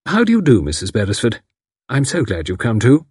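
A man voicing a calm, competent middle-aged woman who talks cheerfully and comfortably. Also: medium pitch, brisk, husky, no echo, studio quality. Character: calm competent matron of about fifty.

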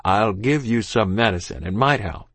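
A kindly, regretful doctor, read by a man, speaks gently in a low, firm voice. The recording is dry and close. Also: lively intonation, moderate pace, no echo.

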